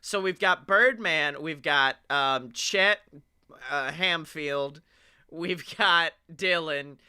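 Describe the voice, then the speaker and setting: High bright guy on a comedy podcast, swears a lot, riffs fast. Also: clean tone. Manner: excitable, swearing, quick riffing. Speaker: podcast co-host.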